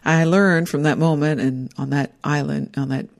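A middle-aged woman gives an earnest, heartfelt talk reflecting on life lessons she has learned. Her low voice is creaky and darkish, with a steady tone at normal speed.

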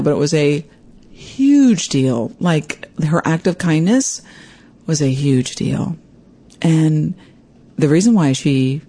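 Animated woman telling a personal story. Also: low voice. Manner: animated, acts out quoted voices. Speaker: podcast host.

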